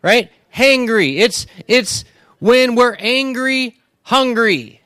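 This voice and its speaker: A man's voice: very high-pitched, animated, slow pace, pushed and bright, dry recording. A man preaching a humorous sermon, telling comic stories and checking in with the crowd with rhetorical questions. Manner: joking storyteller who keeps asking the crowd "right?". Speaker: pastor.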